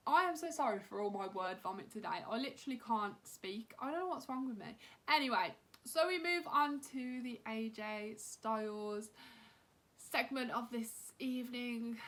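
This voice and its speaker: A woman in her thirties, recapping a wrestling show in a chatty, emotional way, filling gaps with "um" and "like". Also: on the high side. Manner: chatty, emotional, heavy use of "um" and "like". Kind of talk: casual recap chat.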